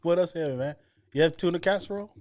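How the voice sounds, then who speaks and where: A man's voice: a little high, fast talker, darkish tone. A man co-hosting a podcast in casual banter, needling the others with teasing questions. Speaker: podcast co-host.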